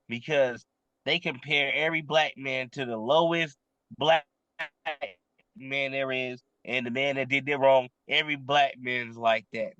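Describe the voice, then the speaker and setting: A man's voice: medium pitch, pushed and bright, no room sound. A man co-hosting a casual podcast, earnestly explaining his point. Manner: earnest, explaining, repeats "you know what I mean". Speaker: podcast co-host. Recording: dry, dull lo-fi audio.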